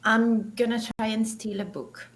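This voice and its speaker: A woman playing a tabletop game, speaking hesitantly and softly. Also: a little high, flat delivery, a little slow, background noise. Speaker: player.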